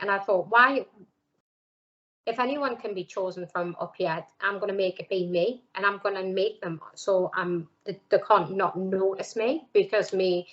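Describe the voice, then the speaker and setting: A woman's voice: mid-range voice, lo-fi sound. A middle-aged woman with a Geordie accent, a former footballer chatting through her early career in an interview, full of "um"s and quoted voices. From North East England. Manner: chatty, lively quoting of others, many "um"s and "like"s. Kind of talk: casual storytelling interview.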